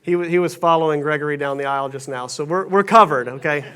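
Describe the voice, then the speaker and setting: A man's voice: on the high side, fast talker, pushed and bright. A pastor giving a casual, storytelling sermon to his congregation, with many restarts and self-deprecating asides. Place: church sanctuary stage.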